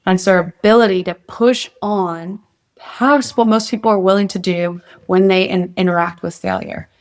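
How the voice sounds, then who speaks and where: A young adult woman speaking as an interview guest, earnest and motivational as she lays out steps for facing fear. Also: fairly low pitch. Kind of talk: casual interview.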